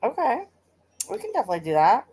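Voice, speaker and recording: A woman's voice: a little high, wildly swooping pitch, quick pace, dark tone, slightly rough. Chatty, swearing live-stream host woman. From United States. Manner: chatty, laughing, swearing freely. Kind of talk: casual chat with viewers.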